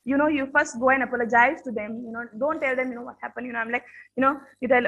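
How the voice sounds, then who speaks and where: High, bright-voiced woman teaching a class. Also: fairly even intonation, quick pace, muffled recording. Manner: earnest, repetitive, keeps checking in with students. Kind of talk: classroom lesson on manners.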